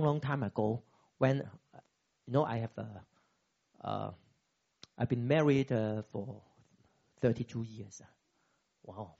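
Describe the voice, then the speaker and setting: A pastor in his fifties preaches a sermon with animation, acting out quoted dialogue through sudden pitch jumps. The recording is lo-fi.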